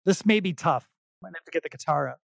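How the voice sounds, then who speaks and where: A man's voice: a little high, expressive, fast talker, creaky, no echo, studio quality. A middle-aged man talking casually as an interview guest, self-deprecating and rambling with many restarts. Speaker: podcast guest, singer-songwriter.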